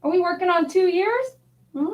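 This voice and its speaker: A woman's voice: very high voice, moderate pace, a little hiss or hum. A woman dog groomer on a live stream, cooing affectionately as she talks to a dog. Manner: cooing, affectionate talk to a pet.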